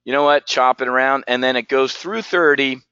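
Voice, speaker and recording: A man's voice: medium pitch, brisk, sharp tone, clear, resonant tone, no room sound, highs cut off. A man teaching options trading on a live webinar, asking rhetorical questions and calling on viewers by name.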